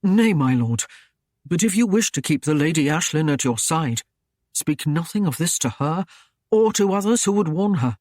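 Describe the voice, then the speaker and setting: Man voicing an anxious young Saxon servant, earnest, careful, somewhat high voice, dry sound. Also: lively intonation, moderate pace, a little mellow, no room sound.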